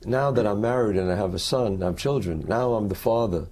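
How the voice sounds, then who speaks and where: A man, an actor, talking as a guest in an interview and telling animated stories in which he acts out other people's lines. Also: on the low side, fairly quick. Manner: lively storyteller who acts out the quotes.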